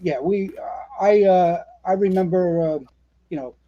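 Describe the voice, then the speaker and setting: A man's voice: high-pitched, unhurried, muffled recording, crowd noise. A man, a retired fire captain telling stories in a casual interview, rambling with lots of fillers and restarts. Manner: animated storyteller, rambling with many fillers and restarts.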